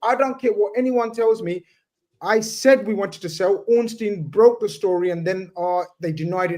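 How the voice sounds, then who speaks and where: A man with a high, bright voice hosts a casual football chat and argues hard. He repeats himself to hold the floor and swears when riled. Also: moderate pace. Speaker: show host. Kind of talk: heated casual football debate.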